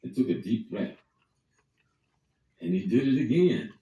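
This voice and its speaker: A man's voice: mid-range voice, expressive, measured pace, dark tone, reverberant, distant mic, low-quality recording. Older man telling a vivid story. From Harlem, New York. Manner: vivid, acts out quoted dialogue. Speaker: guest storyteller. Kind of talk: storytelling in conversation.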